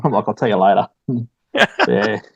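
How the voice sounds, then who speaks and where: A man's voice: fairly low pitch, moderate pace, gravelly, husky, dry recording, highs cut off. A man with an Australian accent, a firefighter, telling stories casually in an interview with plenty of ums and mates. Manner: laid-back, storytelling with lots of ums and mates. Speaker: firefighter station officer, guest.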